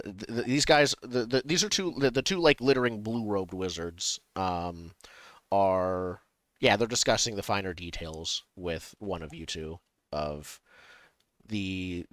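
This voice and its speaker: Man, game master, low voice, dry close sound, halting improvised narration. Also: fairly bright tone, no echo. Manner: halting, many fillers and restarts while improvising.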